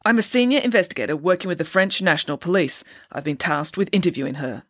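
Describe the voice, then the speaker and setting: A stern investigator speaks in clipped, officious sentences. A woman voices him lightly, close to her own voice, as she reads the story aloud. Lively rises sharpen his demands. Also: fairly low pitch, quick pace, no room sound. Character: stern male police investigator, curt and officious.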